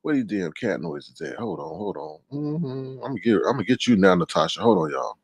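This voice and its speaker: Speaking a little fast in a creaky, husky voice with no echo, a man hosts a live stream. He chats casually and tells stories with animation, jumping into high exaggerated voices to quote people, and reads viewer comments aloud to tease them.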